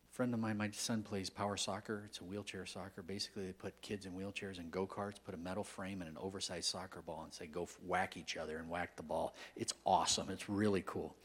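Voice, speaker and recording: A man preaching a sermon as a guest pastor, telling stories in a conversational way and swinging from hushed whispers to loud, emphatic outbursts. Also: sits low, fairly even intonation, quick pace, husky.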